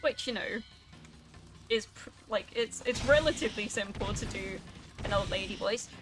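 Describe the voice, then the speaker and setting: A woman's voice: medium pitch, moderate pace, music in the background. A young woman, chatting casually and swearing now and then while she streams a video game. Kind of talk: casual rambling while gaming.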